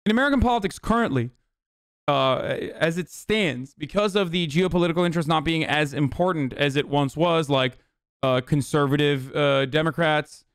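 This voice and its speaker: A male livestream commentator rants fast and angrily about politics, swearing constantly and sneering at his chat. His voice is smooth and clear, pitched slightly high for a man, and the sound is close and dry. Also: dry recording. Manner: profane, heated, rapid ranting; mocks chat in a sarcastic high voice.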